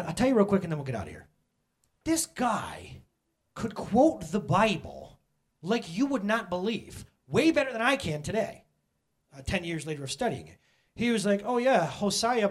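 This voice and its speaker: A middle-aged male pastor telling a personal story in a sermon to his church, animated and self-mocking, often laughing. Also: high voice, breathy edge.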